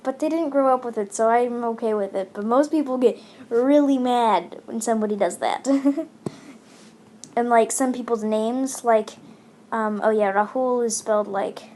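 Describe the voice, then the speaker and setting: A woman's voice: on the high side, darkish tone. A woman from India chatting casually as she comments on a game, rambling with many fillers. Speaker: gaming channel host.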